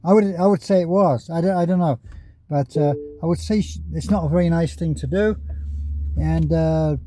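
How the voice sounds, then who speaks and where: A man's voice: fairly high pitch, normal speed, mellow. A man in a parked car giving casual, rambling commentary on other YouTubers, chatty and often chuckling.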